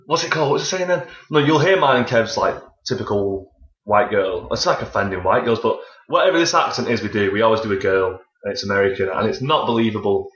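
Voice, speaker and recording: A podcast co-host in his twenties chats casually, rambling and swearing a lot. His lowish voice is fairly bright, with lively intonation and a quick pace, captured in a dull, roomy home recording.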